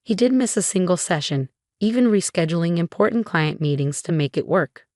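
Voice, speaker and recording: Calm woman narrating a story, fairly low voice. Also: fairly quick, no room sound, clean studio sound. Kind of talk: scripted first-person story narration.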